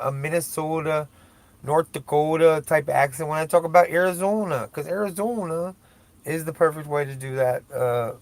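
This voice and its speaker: Gravelly rambling man. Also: mid-range voice. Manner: rambling, profane, self-mocking. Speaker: podcast host. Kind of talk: casual solo podcast rambling.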